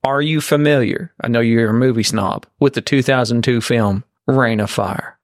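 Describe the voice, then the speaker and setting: A man's voice: medium pitch, moderate pace, no room sound, clean studio sound. A man co-hosting a podcast in casual chat, rambling and restarting as he lays out a theory. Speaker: podcast co-host.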